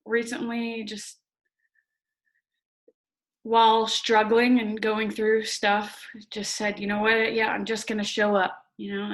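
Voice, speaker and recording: Gentle woman hosting a memorial call. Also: mid-range voice. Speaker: memorial organizer and host. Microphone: video call.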